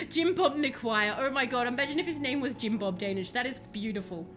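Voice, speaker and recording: A woman's voice: fairly high pitch, expressive, normal speed, fairly bright tone, faint music behind. A young woman streaming a video game, chatting casually with playful, rambling jokes. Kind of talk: casual live-stream chat while playing.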